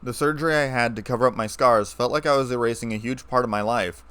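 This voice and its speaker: A man reading a story aloud, playing a scarred, weary ex-soldier who speaks in a low, flat, calm way. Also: fast talker, clear, resonant tone, no room sound, lightly acted.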